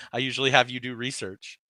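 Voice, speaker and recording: A man with a bright, forward voice jokes and laughs easily in casual chat. The sound is close and dry, with no room around it. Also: mid-range voice, flat delivery, normal speed, no room sound. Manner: jokey, easy laughter. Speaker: podcast co-host.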